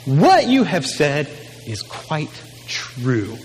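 A man's voice: on the high side, huge pitch swings, very slow, in a large hall, a little hiss or hum, full character voice, low-quality recording. A man voicing a patient, matter-of-fact male teacher who speaks plainly and wryly.

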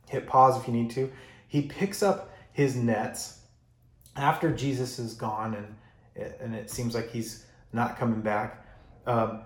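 Guy preaching, tells the story animated then hushed, mid-pitch voice, echoey room. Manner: storytelling, lively and emphatic, drops to a hush for solemn lines. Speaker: pastor. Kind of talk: sermon. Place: church.

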